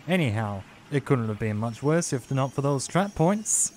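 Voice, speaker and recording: A man's voice: medium pitch, lively intonation, normal speed, a little mellow, slight background noise, natural voice. A man playing a proud, touchy steam engine. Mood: defensive. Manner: indignant and defensive.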